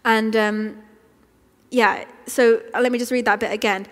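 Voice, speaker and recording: A woman's voice: fairly high pitch, steady tone, normal speed. A woman, giving a conversational, earnest sermon. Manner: earnest and conversational, with small restarts. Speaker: preacher. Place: church. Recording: long church reverb.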